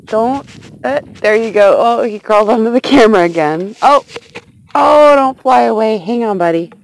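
Giggly, excited woman vlogging outdoors. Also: fairly high pitch, normal speed, rough recording. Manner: gushing, giggly, talks to a grasshopper. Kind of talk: excited casual vlog. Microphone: handheld phone camera.

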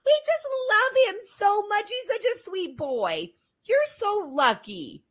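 A woman imitating gushing older church ladies who fawn sweetly, with a high, drawn-out cooing delivery. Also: sing-song, a bit bright, full character voice.

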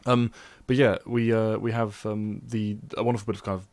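A man with a very low voice talks quickly in a casual book chat, circling back on himself with restarts and fillers. His voice sounds dry and close, with no room around it. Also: level tone, darkish tone, dry recording. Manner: rambling, many restarts and fillers. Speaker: podcast co-host.

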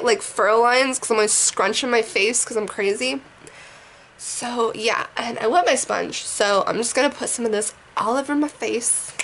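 At home in her bedroom, a young beauty vlogger rambles chattily through her makeup routine, swearing casually now and then. Her slightly high voice is rough and hoarse from a sinus infection, a bit bright, with a little hiss or hum.

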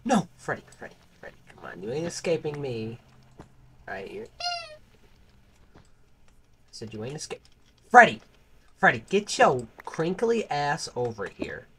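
A man's voice: a little high, huge pitch swings, unhurried, pauses often, bright, forceful tone, slight background noise. A man giving casual, crude, rambling gameplay commentary, joking with the game characters. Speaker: gaming channel host.

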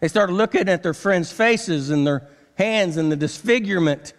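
A man preaching a sermon as pastor, dramatic, swinging from low murmurs up to high cries. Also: moderate pace. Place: church sanctuary. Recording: long church reverb.

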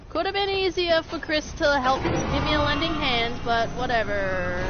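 A woman streaming a video game, reacting excitably, swearing often and mocking herself. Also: sits high, moderate pace, hardly any pauses, heavy background noise. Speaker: gaming streamer. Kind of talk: let's play reactions. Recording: slightly dull stream audio with game music. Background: game music.

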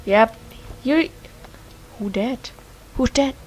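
A woman's voice: fairly high pitch, very slow, soft background music. A young woman with a Lithuanian accent, a native Lithuanian speaker doing let's-play commentary, laughing, swearing and joking at the screen. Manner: loud, giggly, cursing, joking at the screen. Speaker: gamer.

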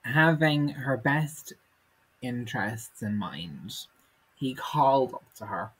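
A man's voice: mid-range voice, lively intonation, slow pace, a bit bright, husky, low-quality recording. A man co-hosting a podcast, reading a comic text aloud and dropping dry, wry asides. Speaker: podcast co-host.

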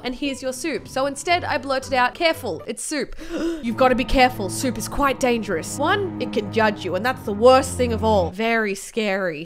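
A young woman with a somewhat high voice chats through funny stories. She is playful and animated, cracking jokes and swearing freely in a loose vlog style. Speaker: YouTuber. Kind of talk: casual commentary reading stories.

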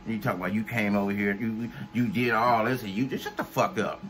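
A man's voice: fairly low pitch, steady tone, fairly quick, fairly bright tone, slight background noise. A man vlogging a profane, blunt rant, scornful and heavy on cursing.

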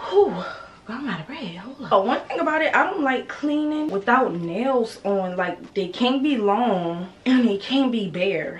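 A woman with a slightly raspy voice, chatting casually to her viewers in a home vlog. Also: on the high side, a bit bright, a little hiss or hum. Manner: talkative, addresses viewers as girl and y'all. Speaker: vlogger. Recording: echoey room, voice from a distance.

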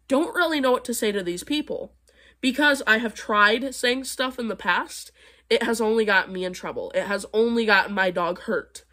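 A woman's voice: medium pitch, bright, forceful tone. A young woman vlogging, reacting to comments in a blunt, sarcastic way and laughing between her points. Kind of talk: casual vlog commentary.

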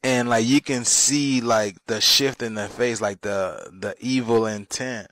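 A man's voice: mid-range voice, steady tone, unhurried, fairly bright tone, dry recording. A man making a conspiracy video, insistently pointing out details and urging viewers to look.

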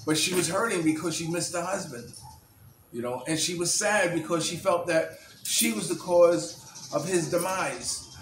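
A man telling a story in a loose, halting way, circling back with "you know" and restarts. His voice sits a little high for a man and is picked up from a distance. The room echoes, and birds chirp clearly in the background. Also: a little hiss or hum. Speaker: vlogger retelling a movie plot. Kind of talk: casual storytelling.

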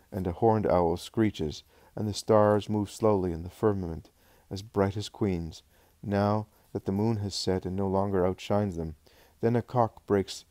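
A man narrates a devotional book in a calm, measured reading. His voice is low and dark. The recording is dry and close. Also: no room sound. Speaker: audiobook narrator.

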